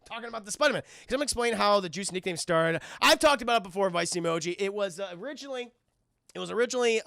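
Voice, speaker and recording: A man hosting a casual livestream review, retelling scenes in a profane, animated way. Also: high voice, vocal fry, dry recording, studio quality. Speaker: host and reviewer.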